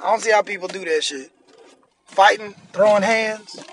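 A man's voice: high voice, moderate pace, fairly bright tone, faint music behind, poor audio. A man in his thirties hosting a podcast, ranting bluntly and profanely in an annoyed tone. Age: 30s. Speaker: podcast host. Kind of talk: solo podcast rant.

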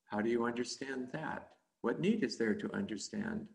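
A man's voice: lowish voice, normal speed, vocal fry. A man teaching meditation in a dharma talk, speaking in a rambling, conversational way with frequent chuckles.

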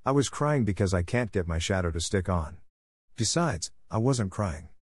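A man's voice: on the low side, lively intonation, normal speed, slightly rough, no room sound, studio quality. A man voicing Peter Pan, a cocky boy who never grows up, talking in a brusque, boastful way in a storybook reading. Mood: indignant.

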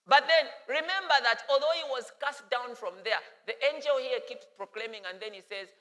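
A man preaching a sermon as pastor, animated and playful. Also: very high voice, moderate pace, big-room sound.

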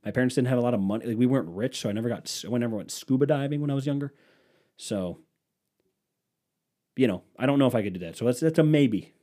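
A young man hosts a solo podcast, rambling casually with plenty of swearing and self-mockery. His mid-range voice is mellow and fast, broken by long pauses.

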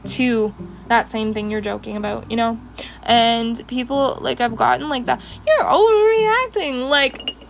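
A woman's voice: on the high side, slight background noise, low-quality recording. A young woman hosting a personal podcast, talking with passion and rambling with many fillers while doing her makeup. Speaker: podcast host.

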